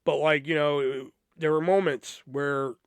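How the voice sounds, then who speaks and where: A man's voice: on the high side, fairly even intonation, measured pace, clean tone, dry recording. A young man hosting a podcast, telling a personal story in a casual, profane, rambling way with frequent restarts. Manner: profane, rambling, lots of restarts and "you know". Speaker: podcast host.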